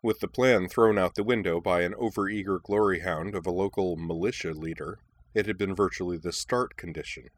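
A man reading a war story aloud in a measured, even narration. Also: sits low.

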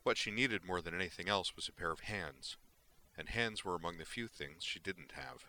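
A man reads a science fiction story aloud in a steady, even way. His voice is low yet crisp and bright. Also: moderate pace. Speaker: narrator. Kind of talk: audiobook reading of sci-fi fiction.

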